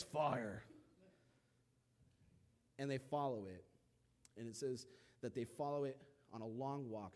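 A young man preaching a sermon, retelling a Bible story with lively voices for its figures. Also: a little high. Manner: animated storytelling, acting out voices of biblical figures. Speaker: pastor.

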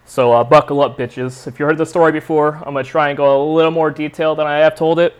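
A man's voice: a little high, flat delivery, fast, clear, resonant tone, lo-fi sound. Laid-back young man telling a story. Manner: profane, rambling, laid-back. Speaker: podcast host. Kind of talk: casual storytelling.

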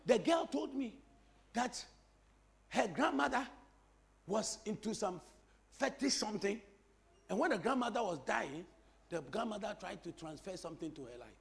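A man's voice: sits high, creaky. A male pastor preaching a sermon, repeating phrases and teasing the congregation with humor. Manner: animated preaching with repetition and crowd-teasing humor.

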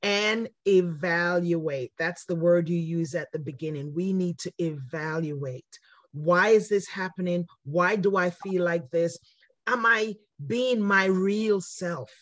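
A woman's voice: lowish voice, slow pace, dry recording. A woman hosting a podcast, talking reflectively and with emphasis, speeding up as she lists examples. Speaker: podcast host. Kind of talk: conversational podcast talk.

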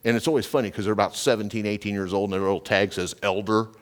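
A man in his fifties preaching a sermon, telling a folksy story and building to loud, fervent preaching. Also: lowish voice, steady tone, fast. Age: 50s. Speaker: pastor.

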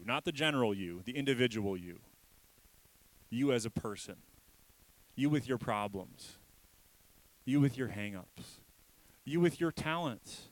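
A man preaching a sermon as a pastor, emphatic and repetitive, swinging between raised passages and hushed ones. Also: medium pitch, rough recording.

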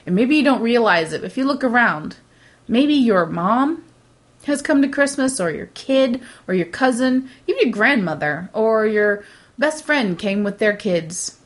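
A woman's voice: on the high side, unhurried. Rambling woman, casual chat. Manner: rambling, animated, many restarts. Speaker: podcast co-host.

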